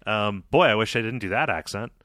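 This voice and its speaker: A man chats casually with a lowish but bright, forward voice, laughing often and tripping over his words when he gets excited. The sound is dry and close. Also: a little fast, no room sound. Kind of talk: casual chat.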